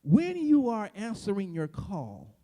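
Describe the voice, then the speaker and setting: A preacher with a strikingly high voice delivers a slow church sermon, his pitch swinging widely and vividly. He uses call-and-response repetition, building to a whooping, shouted cadence packed with repeated phrases.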